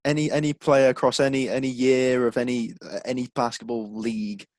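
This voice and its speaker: A man's voice: mid-range voice, level tone, a little mellow, dry recording. Man hosting, brief easygoing replies. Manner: brief reactions and quick jokes. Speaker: podcast host. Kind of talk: casual interview.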